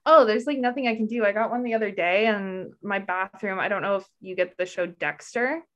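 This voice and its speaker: A woman's voice: medium pitch, brisk, dull audio. A woman guesting on a podcast, speaking in an earnest, reflective way, with lots of "like" fillers. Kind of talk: casual conversation.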